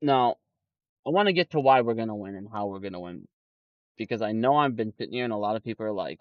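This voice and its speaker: Profane ranting man, lively pitch. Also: fast talker, dry recording. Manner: profane, angry ranting with frequent swearing; mocking put-on voices for quoted people. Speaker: stock market streamer. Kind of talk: ranting livestream commentary. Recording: dull lo-fi audio, dry.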